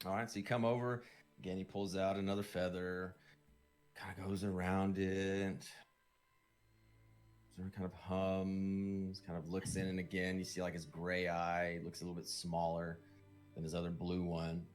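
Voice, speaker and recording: A man's voice: low-pitched, flat delivery, normal speed, faint music behind. A man narrating a tabletop game as game master, with loose, filler-heavy description.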